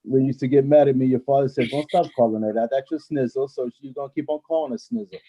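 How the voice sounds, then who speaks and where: A man's voice: medium pitch, quick pace, warm tone, highs cut off. A man telling stories on a video call in a loose, rambling way, with many fillers and restarts. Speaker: former coaching colleague. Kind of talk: casual storytelling on a video call.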